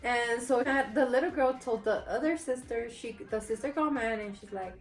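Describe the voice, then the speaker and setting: A young woman with a Mexican accent chimes in on a casual vlog, finishing her co-host's sentences, her voice a little high. The room around her sounds echoey, and faint music plays underneath. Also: normal speed. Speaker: vlog co-host. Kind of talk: casual storytelling during a mukbang.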